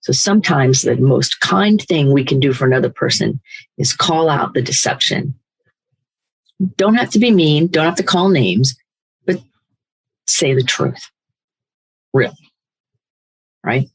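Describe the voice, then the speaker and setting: An older woman hosting a recovery podcast, speaking in a firm, emphatic, animated motivational way. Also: extremely low pitch, a little slow, gravelly, pauses often, breathy edge, low-quality recording. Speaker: podcast host, recovery coach. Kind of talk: motivational talk.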